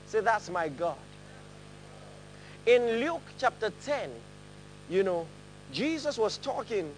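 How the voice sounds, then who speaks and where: A male pastor preaching in a high, sing-song voice that leaps up and down. He laughs easily and calls his congregation to read aloud with him. A faint hum sits under the sound. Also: measured pace, pauses often, poor audio. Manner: animated, laughing, leads the congregation in reading aloud. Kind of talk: sermon. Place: church hall with a congregation.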